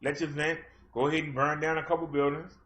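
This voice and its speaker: A man's voice: a little high, little pitch movement, fast, a bit bright. A man hosting a livestream, ranting in a fiery, confrontational way and challenging his chat. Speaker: livestream host. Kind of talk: livestream rant. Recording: dull lo-fi stream audio.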